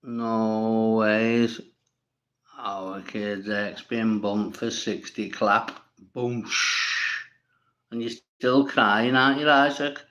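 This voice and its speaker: A man's voice: lowish voice, level tone, extremely slow, a bit bright. A man hosting a casual livestream, reading viewers' comments and answering them bluntly, with plenty of swearing and rambling. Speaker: livestream host.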